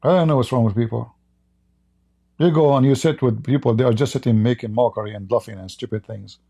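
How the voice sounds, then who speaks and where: Gravelly, dark-voiced man losing his voice. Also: medium pitch. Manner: reads quoted passages slowly, then comments with mockery. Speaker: live stream host. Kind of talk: livestreamed religious debate commentary.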